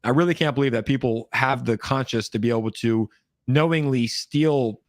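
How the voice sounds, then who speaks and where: A man hosting a casual live stream chat, talking quickly with lots of filler words and animated asides. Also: medium pitch, no room sound, studio quality. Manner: fast, animated, frequent "like" fillers. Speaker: livestream host. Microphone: streaming mic with voice effects board.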